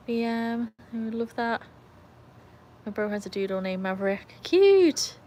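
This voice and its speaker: A fairly high, darkish voice with little pitch movement belongs to an English woman hosting a casual livestream with her trick dog. She moves at a moderate pace, rambling and reading out viewer comments, with a slight hiss or hum in the background.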